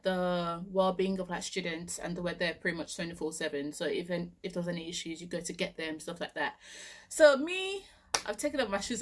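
A young woman from Nigeria telling a lively story, acting out her own panicked lines and laughing often. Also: medium pitch. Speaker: vlogger. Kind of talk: animated storytelling.

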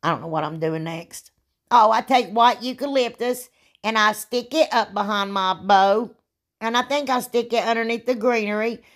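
A woman, talking through a DIY craft tutorial in a rambling, self-deprecating way, with a sore throat and frequent throat clearing. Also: fairly high pitch, normal speed. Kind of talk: casual craft tutorial voice-over.

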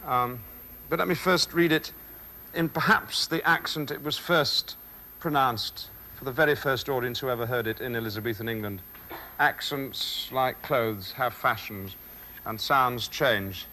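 A male stage actor giving a talk on performing Shakespeare, in a measured, reflective way with thoughtful pauses. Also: medium pitch, bright, forceful tone, a little hiss or hum.

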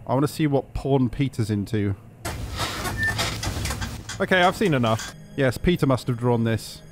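A man's voice: mid-range voice, lively intonation, moderate pace, over music. A young man giving casual, sarcastic gameplay commentary, swearing freely and yelping when startled. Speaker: gaming commentator.

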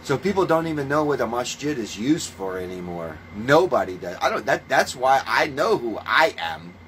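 A man preaching in a ranting monologue, scornful and full of swearing, moving between calm teaching and loud outbursts. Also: medium pitch, moderate pace, a little hiss or hum, rough recording. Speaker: self-styled religious preacher.

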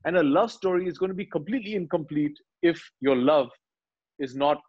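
A man, animatedly retelling film scenes in an interview and quietly acting out the lines. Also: fairly high pitch, fairly quick, slightly rough, muffled recording. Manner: animated storyteller, acts out dialogue lines quietly. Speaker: actor, interview guest.

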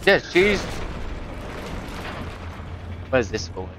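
Lively, laughing gamer guy. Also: mid-range voice, noisy background. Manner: chuckly, quick to laugh and protest. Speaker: co-op game player. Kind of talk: casual gaming chat. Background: game music and sounds.

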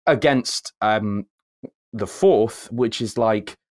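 Brief: male co-host, lower voice, dry close sound, animated rant that jumps high when excited. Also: very slow, no echo. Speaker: podcast co-host. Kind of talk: casual chat.

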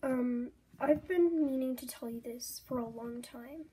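A woman's voice: high voice, unhurried, mellow, a little hiss or hum, pitched below the performer's own voice, poor audio. A woman voicing a bashful, teasing male horse in a toy horse role-play video. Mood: hesitant.

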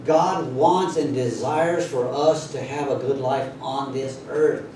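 A man preaching a sermon, taking it slow and stretching out the words he wants to stress. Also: steady tone, mellow. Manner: unhurried preaching with drawn-out emphasis. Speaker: pastor. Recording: very echoey room, voice from far off, faint rumble.

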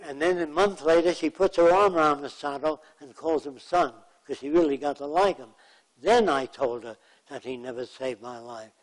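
A man's voice: on the high side, normal speed, rough recording. Plainspoken man telling stories in a lecture. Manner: anecdotal, plainspoken, acts out quotes. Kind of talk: storytelling lecture.

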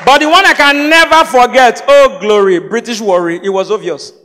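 A man with a Nigerian accent doing lively stand-up comedy on a live stage, acting out characters. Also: very high-pitched, normal speed, some chatter behind. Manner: animated, acts out characters. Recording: stage mic in a reverberant hall.

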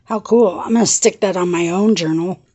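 A woman chatting through a casual craft show-and-tell vlog, gushing and excitable, laughing often and shaky with excitement. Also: lowish voice, normal speed, slightly rough, muffled recording. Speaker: craft vlogger.

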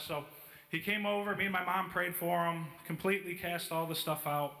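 A man's voice: high voice, level tone, moderate pace, vocal fry, bright, forceful tone. A man preaching in a church, telling a story casually with many fillers. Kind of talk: sermon storytelling. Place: church hall. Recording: echoey church hall.

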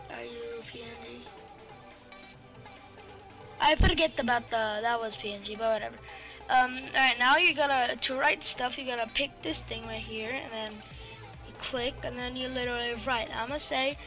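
Casting: female tutorial host, slightly high voice, loose rambling delivery, talks to the screen, music under the voice. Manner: rambling, chatty, full of fillers, talks back to pictures. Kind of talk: casual screen-recording tutorial. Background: background music.

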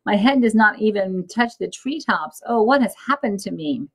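A woman's voice: mid-range voice, expressive, moderate pace, pitched above the performer's own voice, low-quality recording. A woman voicing a frightened first man who laments as his body shrinks. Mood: lamenting. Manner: anguished, lamenting.

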